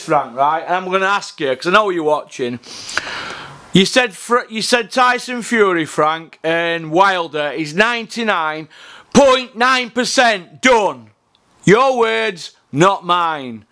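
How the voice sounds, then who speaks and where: Sweary, ranting man, high voice. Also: sharp tone. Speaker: podcast host. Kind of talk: profane boxing rant.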